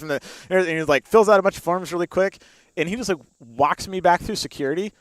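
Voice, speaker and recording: A man's voice: fairly high pitch, a little fast, dry recording. A young man telling a long story in casual chat, with lots of fillers and laughs, spoken into a studio mic. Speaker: podcast guest.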